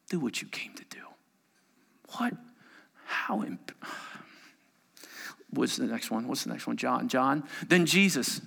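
Animated man preaching in a reverberant hall. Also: high-pitched. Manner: animated, swings from hushed asides to loud exclamations. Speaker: pastor. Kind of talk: sermon with scripture reading.

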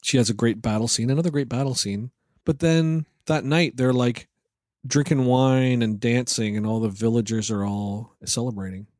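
A man's voice: mid-range voice, normal speed, darkish tone, no echo, studio quality. A man co-hosting a casual movie review chat, rambling and sarcastic, swearing freely as he picks apart plot holes. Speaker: podcast co-host.

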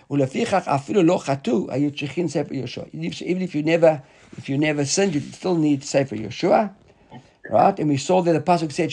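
A man's voice: a little high, darkish tone, breathy edge. A man with a slightly raised voice leads a class. He reads the source passages aloud, then explains them in plain English, stumbling over and repeating words as he thinks. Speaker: Talmud teacher. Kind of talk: Talmud class lecture.

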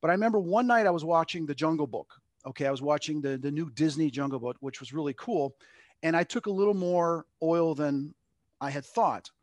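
Middle-aged guy from long island, kinda high voice, dry close sound, rambles and acts out everyone's lines. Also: a little fast, dry recording. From Long Island, New York. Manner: rambling, acts out quotes with lots of "like". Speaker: medium, guest. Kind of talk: personal storytelling in an interview.

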